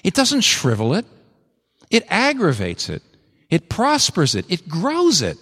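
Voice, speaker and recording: A man preaching a sermon with an animated, emphatic delivery, repeating phrases for effect. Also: high voice, measured pace, slightly rough, long reverb tail.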